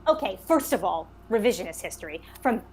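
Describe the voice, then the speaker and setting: A woman's voice: medium pitch, big pitch swings, fairly quick, darkish tone, husky, pitched below the performer's own voice. A woman playing a blunt, confrontational middle-aged businesswoman in a comic improvised reality-show reenactment, accusing and talking over others.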